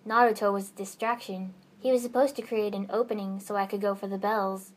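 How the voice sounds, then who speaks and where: A woman's voice: medium pitch, steady tone, a little fast, close to an everyday voice. A woman voicing a serious, matter-of-fact boy ninja in a story reading.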